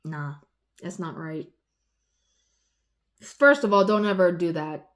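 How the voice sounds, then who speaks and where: A vlogger in her forties rants casually and slowly, rambling, swearing, and losing her train of thought as she swings between loud exasperation and low muttering.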